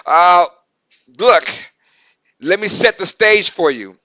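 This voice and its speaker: A man hosting a casual live-stream sports talk show, excitable and repeating words for emphasis. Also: high voice, slow pace, no echo.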